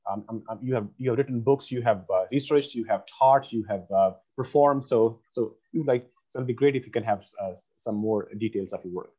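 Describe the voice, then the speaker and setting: A male host opens an interview in a polite, halting way, and he fills his pauses with "uh" and "um". His voice comes through a video call with dull, lo-fi sound. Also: mid-range voice, mellow. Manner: polite, hesitant, many fillers. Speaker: program host. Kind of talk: interview hosting.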